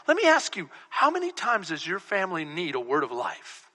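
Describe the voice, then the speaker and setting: A man's voice: sits high, huge pitch swings, a little fast, hardly any pauses, sharp tone. A man pastor from Texas preaching a sermon, telling stories and building to emphatic repeated declarations in a church sanctuary. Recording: long church reverb.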